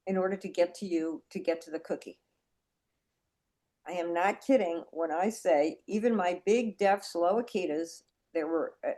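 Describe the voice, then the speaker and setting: A woman's voice: fairly low pitch, mellow. A woman teaching a dog nose work class over a video call, chatty and repeating her points for emphasis.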